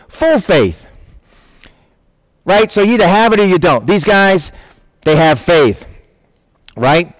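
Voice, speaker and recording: A man preaching a conversational sermon, animated and acting out the voices of people in the story. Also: high voice, no room sound, poor audio. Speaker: pastor.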